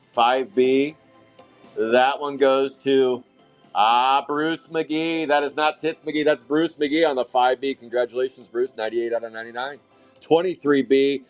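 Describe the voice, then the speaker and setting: Male card-break host, mid-pitched, excitable and profane, live-stream commentary, soft music bed. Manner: hype-driven, excitable calling of card pulls, casual swearing.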